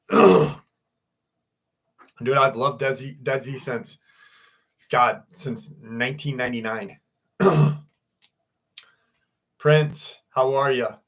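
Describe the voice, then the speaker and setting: A man in the middle of his range hosts a relaxed live chat. He talks loosely and gets excitable, calls out viewers by name and drops the odd swear word along the way. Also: medium pitch, drawn-out words, pauses often. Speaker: livestream host.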